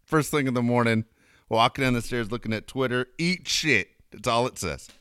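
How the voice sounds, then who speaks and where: A male co-host in casual radio banter, reading out plugs and phone numbers in a relaxed way. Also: medium pitch, smooth, dry recording. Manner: relaxed, reads phone numbers slowly and plainly.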